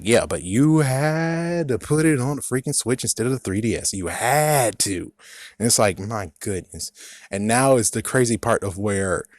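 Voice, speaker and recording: A young man ranting casually in a vlog, exasperated, swinging from loud outbursts to muttered asides. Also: lowish voice, no room sound. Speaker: video creator.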